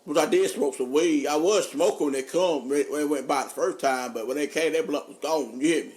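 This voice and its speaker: A man, a podcast co-host telling funny stories in casual chat, animated and laughing often. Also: brisk. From North Carolina. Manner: animated, laughing often, drops low for quoted voices. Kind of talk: casual storytelling.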